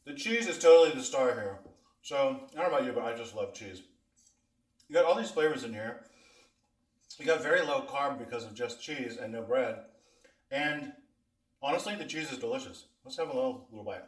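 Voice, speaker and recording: A man's voice: medium pitch, animated, brisk, pauses often. Chatty man reviewing snacks in an echoey room. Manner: chatty, talks with mouth full while eating. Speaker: host of a food taste-test vlog. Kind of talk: casual food review vlog. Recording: echoey room, mic at a distance.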